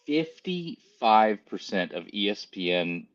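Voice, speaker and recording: A man's voice: lowish voice, very animated, slow pace, no room sound. Emphatic man on dull lo-fi audio. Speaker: podcast guest. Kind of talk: casual chat.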